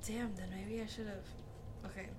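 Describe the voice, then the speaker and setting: A woman's voice: mid-range voice, little pitch movement, moderate pace, darkish tone, a little hiss or hum. A young woman co-hosting a casual podcast, rambling with lots of fillers and giggles. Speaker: podcast co-host. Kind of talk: casual chat.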